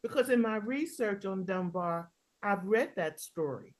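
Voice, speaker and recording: A woman joining a video-call discussion with eager, animated interjections. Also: mid-range voice, unhurried. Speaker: discussion participant.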